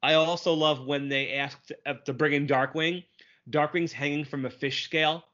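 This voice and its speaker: A man's voice: on the high side, steady tone, a bit bright. Enthusiastic man co-hosting a podcast. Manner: enthusiastic, recaps plot with quick quoted bits. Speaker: podcast co-host. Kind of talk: casual chat. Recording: dull lo-fi sound.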